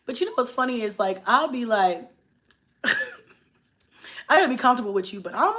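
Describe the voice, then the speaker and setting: Woman, young adult, fairly high voice, blunt, profane, laughing, casual live-stream chat. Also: sing-song, brisk, pauses often, pushed and bright.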